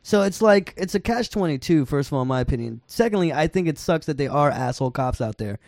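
Male guest, blunt and joking, pitched a bit high, dry room. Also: animated, fast talker, darkish tone, no room sound. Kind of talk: casual chat.

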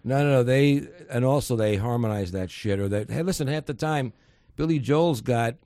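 Older guy in his 60s, crude loud jokes, dry mic. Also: medium pitch, normal speed, no room sound. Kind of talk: casual banter.

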